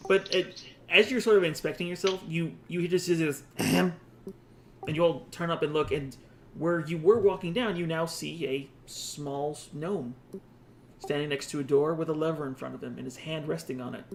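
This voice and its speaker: A man's voice: fairly high pitch, moderate pace, a little hiss or hum. A man running a tabletop game as game master, describing scenes with asides and restarts.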